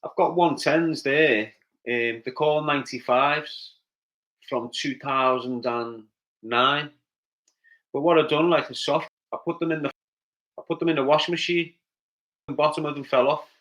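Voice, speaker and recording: In a casual livestream, a middle-aged Liverpool man with a Scouse accent works through viewer comments one by one, reading usernames aloud and chatting as he answers. His voice sits fairly high, steady and a bit bright, at a normal speed with frequent pauses.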